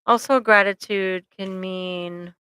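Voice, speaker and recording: A woman therapist talks casually to her viewers on a live stream, tossing in "like" and "right?" as she goes. Her voice is bright and smooth. It is recorded dry and close on a computer microphone. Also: medium pitch, fairly even intonation, takes it slowly, dry recording, poor audio. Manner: chatty, conversational, frequent "like" and "right?" tags; directly addresses viewers.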